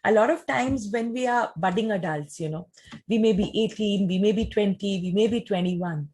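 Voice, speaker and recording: A woman gives a talk and answers audience questions in a measured, explanatory way, often using rhetorical questions. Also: medium pitch, darkish tone.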